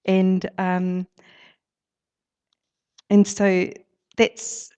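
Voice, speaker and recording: A woman's voice: mid-range voice, monotone, extremely slow. Woman giving a rambling sermon. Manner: rambling, warm storytelling with fillers. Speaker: church speaker. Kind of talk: informal sermon with a read-aloud story. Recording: dull lo-fi recording.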